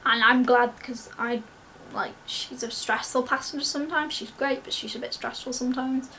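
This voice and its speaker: A young woman, telling a story in an excited, breathless rush and acting out what everyone said. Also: on the high side, normal speed, slight background noise. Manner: breathless, gushing, acts out quoted voices. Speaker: vlogger.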